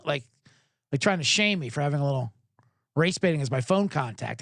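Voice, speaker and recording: A man hosting a sports podcast, telling a comedic rant, profane and animated, acting out both sides of an argument. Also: high-pitched, a little fast, dry recording, studio quality.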